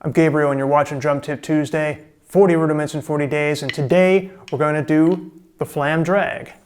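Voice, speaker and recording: A man's voice: a little high, fairly even intonation, moderate pace, clean tone. A man hosting a drum lesson, coaching step by step in a plain, encouraging way. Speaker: drum teacher. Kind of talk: casual instructional talk.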